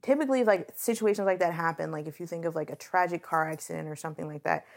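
A woman's voice: on the low side, quick pace, gravelly. A woman co-hosting a casual podcast chat, talking in an earnest, emotional way that comes close to tears. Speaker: podcast co-host.

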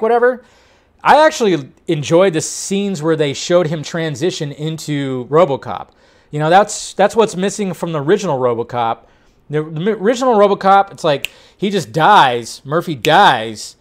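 Guy hosting a movie news chat, kinda high voice, rambly and jokey, laughs a bunch. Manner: animated, laughs often, rambling asides. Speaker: host.

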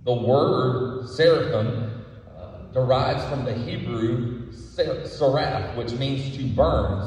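A man preaching a sermon as pastor, with a measured, emphatic delivery that leans on repeated words. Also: mid-range voice, a little mellow. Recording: echoey hall from a distance.

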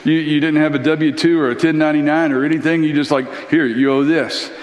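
A man preaches a casual, story-driven sermon, acting out the Bible characters as he goes. His voice sits a little high. It rings through an echoey church hall with a long reverb tail. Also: steady tone, fast talker. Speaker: pastor.

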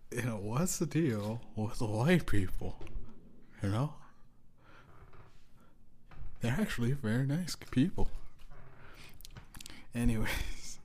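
A man hosting a podcast, rambling through a casual comedic monologue, swearing freely, laughing often and swinging from low mutters to loud outbursts. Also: a little hiss or hum. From Canada. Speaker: podcast host.

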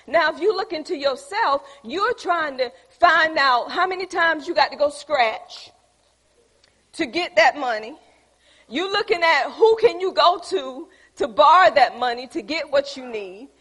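An older woman, preaching a sermon as lively storytelling, acting out the voices she quotes. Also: sits high. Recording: echoey hall.

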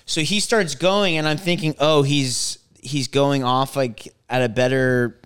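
A man on a casual podcast, an animated storyteller who swears freely and acts out both sides of an argument. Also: medium pitch, a little slow, clear, resonant tone. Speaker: podcast co-host. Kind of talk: casual chat.

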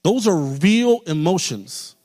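A man preaches to his church, his fairly high voice climbing to fervent, loud peaks before easing back down to a soft hush. The sound carries the long reverb of a large sanctuary, with each phrase ringing out into the hall. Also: animated, slow pace. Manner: impassioned, rising to loud peaks then dropping soft. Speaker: pastor. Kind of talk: sermon.

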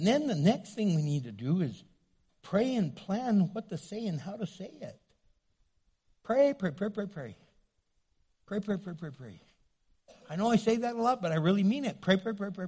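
A man preaching a sermon, animated, swinging from loud to hushed and acting out the voices he quotes. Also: fairly high pitch, husky. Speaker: pastor.

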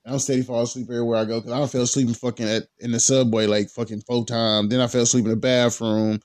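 A young man in his twenties telling a story in a casual, animated way, full of profanity and slang. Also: mid-range voice, racing, dry recording, studio quality.

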